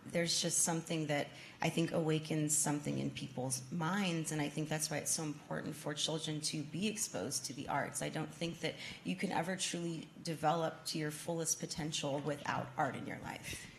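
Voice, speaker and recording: A young woman with a notably low voice and a touch of vocal fry answers questions at a public event. She talks thoughtfully and earnestly, often pausing and restarting. Faint room noise sits behind her. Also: steady tone. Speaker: guest ballet dancer answering audience questions. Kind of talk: audience Q&A talk. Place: museum event space with an audience.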